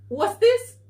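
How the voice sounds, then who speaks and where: A woman cake baker telling a story during a live tutorial, animated and expressive and laughing as she talks. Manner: animated, expressive, often laughing mid-sentence. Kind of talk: casual anecdotal storytelling. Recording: echoey room, voice distant from mic.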